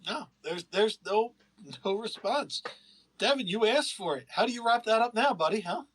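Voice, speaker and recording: High-voiced man signing off a podcast. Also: expressive, moderate pace, fairly bright tone, low-quality recording. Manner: wry, joking. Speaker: podcast co-host. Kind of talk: casual chat, show sign-off.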